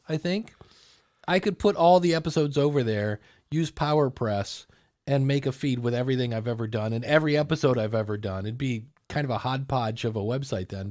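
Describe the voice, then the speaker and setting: A man's voice: mid-range voice, darkish tone, no echo. Dry-sounding podcast host man. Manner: jokey, rambling explanations. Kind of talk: casual chat.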